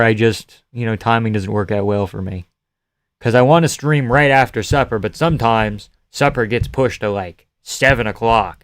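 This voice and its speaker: A man hosting a live stream from his home setup, chatting casually with viewers and reading their comments aloud. He jokes around and swears freely. His mid-pitched voice is smooth and resonant, recorded dry and close. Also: no echo.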